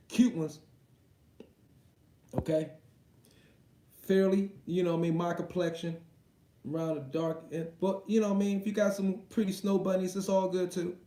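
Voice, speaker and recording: Slangy boxing streamer, echoey room. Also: male voice, high-pitched, fairly even intonation, warm tone. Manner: loose, slangy and profane, quick reactions. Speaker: boxing livestream host. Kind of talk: casual livestream chat, reading viewer comments aloud.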